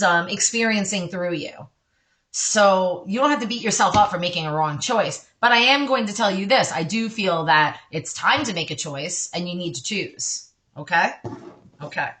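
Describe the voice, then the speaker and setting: A woman reading tarot cards for her online followers in a loose, conversational way. Her voice is bright and forward, and she keeps reassuring her listeners while stopping now and then to apologize for getting sidetracked. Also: mid-range voice. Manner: chatty, reassuring, with frequent apologetic asides. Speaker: tarot card reader. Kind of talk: casual tarot reading for viewers.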